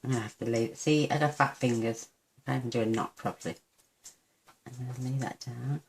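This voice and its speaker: This papercraft tutorial host, a woman, talks fairly quickly in a rumbling low voice with fairly even intonation and vocal fry, over a slight hiss or hum. Working at her desk in a casual tutorial, she chats, gushes over every cute step, and jokes at her own expense.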